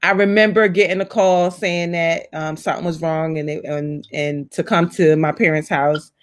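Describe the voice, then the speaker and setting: Animated storytelling woman in her forties. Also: normal speed. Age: 40s. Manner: animated storyteller, acts out voices with big pitch jumps. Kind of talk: casual heartfelt conversation.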